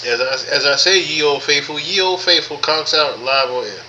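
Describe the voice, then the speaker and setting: A man's voice: a little high, expressive, normal speed, bright, forceful tone, muffled recording, slight background noise. A man hosting a live podcast stream, talking casually with lots of profanity, repeating himself and greeting chat viewers by name. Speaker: podcast host.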